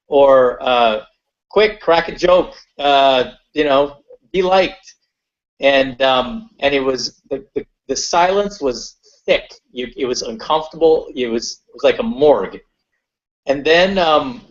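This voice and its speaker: A man on a webinar panel telling a personal story in a conversational way, with lots of fillers and restarts. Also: medium pitch. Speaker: webinar panelist and corporate consultant. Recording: dull lo-fi webinar audio.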